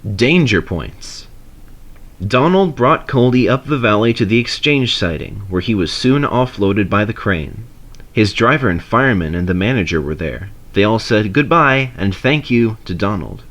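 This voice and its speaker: A man reading a railway storybook aloud in a measured, expressive narration. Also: on the low side.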